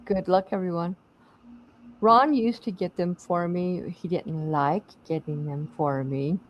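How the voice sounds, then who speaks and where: A woman's voice: lowish voice, measured pace, lo-fi sound. A middle-aged woman hosting a bingo stream, chatting casually and laughing as she calls out winners. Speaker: stream host. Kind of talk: casual chat.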